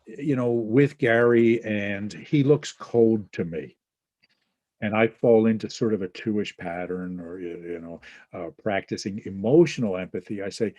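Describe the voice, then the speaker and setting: Man, webinar presenter, low voice, dry close sound, acts out examples, says "right?" a lot. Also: a little slow, warm tone, no echo, highs cut off. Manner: acts out scenes, checks in with "right?". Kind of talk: teaching talk with examples. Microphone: video call.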